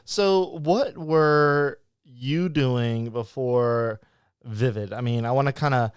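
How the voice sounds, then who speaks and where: A man hosting a podcast interview, upbeat and quick with interjections like "all right.". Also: mid-range voice, clean tone, no room sound, clean studio sound. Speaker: podcast host. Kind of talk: casual interview chat.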